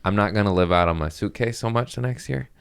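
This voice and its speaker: A man's voice: fairly low pitch, fast, vocal fry, smooth. A man, a comedian hosting his own podcast, telling a rambling casual story with frequent laughs and asides to his cats.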